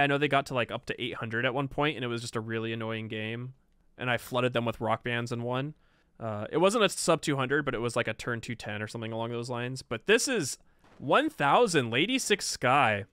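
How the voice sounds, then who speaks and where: A man giving casual, excitable commentary while playing a video game, exclaiming and laughing at what happens. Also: mid-range voice, a little fast, clear, resonant tone, no echo.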